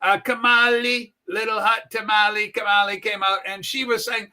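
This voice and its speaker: A man hosting a casual political talk livestream, brash and profane, with animated storytelling. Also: high voice, normal speed, hardly any pauses. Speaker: political talk show host. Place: home room with a Star Trek shrine.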